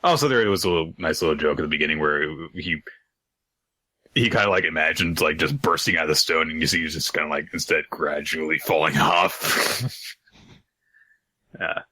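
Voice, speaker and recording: Low-voiced man recapping manga casually. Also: bright, forceful tone, no echo. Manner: recaps plots with quick acted-out quotes and laughter. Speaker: podcast co-host. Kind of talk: casual chat.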